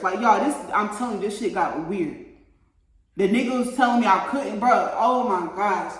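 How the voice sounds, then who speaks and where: Profane animated woman telling a story. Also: a little high, normal speed, recorded from a distance. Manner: animated, profane, talks straight to viewers. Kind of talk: casual storytime vlog. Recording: roomy echo, mic set back.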